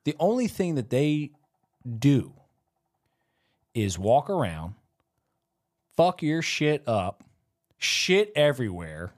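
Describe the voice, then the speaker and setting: A man's voice: medium pitch, sing-song, takes it slowly, long pauses. A man co-hosting a casual podcast, rambling, swearing freely and losing his train of thought. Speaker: podcast co-host. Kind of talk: casual chat.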